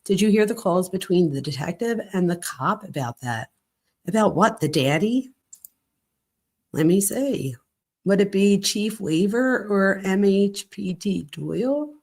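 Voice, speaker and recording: A woman's voice: medium pitch, animated, measured pace, darkish tone. A woman hosting a casual commentary, chatting and reacting aloud as she reads through documents. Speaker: host.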